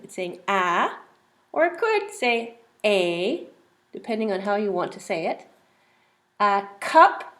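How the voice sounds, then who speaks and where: A woman teacher with a medium-pitched voice reads a simple phonics book aloud to young children. She sounds out words and asks them questions along the way.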